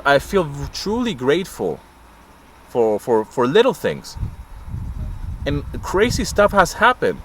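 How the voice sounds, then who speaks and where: A man's voice: a little high, wildly swooping pitch, takes it slowly, long pauses, a bit bright. A middle-aged man talks in a passionate, rambling way, getting fired up as he goes. He is sitting in a parked car, with faint traffic noise outside. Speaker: vlogger. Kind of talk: casual vlog monologue.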